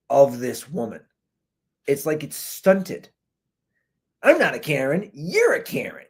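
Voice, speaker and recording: A man in his thirties hosts his podcast and rants in a loose, animated way. His pitch swings widely, and his voice sounds husky. It was picked up by a plain computer mic. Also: normal speed. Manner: animated, conversational ranting, says "dude" and "man" often. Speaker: podcast host. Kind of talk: ranting commentary. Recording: recorded through a computer mic.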